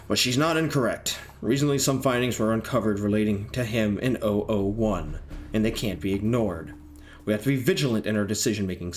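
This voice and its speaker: A man voicing a serious senior agent who speaks in a measured way. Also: fairly low pitch, natural voice.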